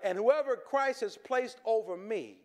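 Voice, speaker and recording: A pastor preaching in a high voice. He talks to the congregation like a friend, with repeated restarts and chuckles, and turns earnest when he makes his point. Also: unhurried, a little mellow. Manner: conversational, with stammered restarts and chuckles, shifting from joking to earnest. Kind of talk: sermon.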